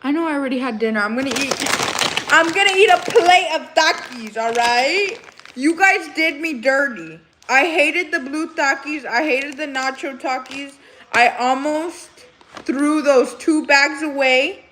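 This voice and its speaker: A woman's voice: high-pitched, a little slow, bright, forceful tone, a little hiss or hum. A young woman hosting a casual livestream, chatting and rambling through a story with lots of fillers. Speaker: livestream host.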